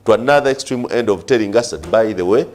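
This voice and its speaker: A man's voice: on the low side, fast talker, darkish tone. A Ugandan man on a press review talk show, arguing hard and firing off rhetorical questions, switching between English and Luganda. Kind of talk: studio press review debate.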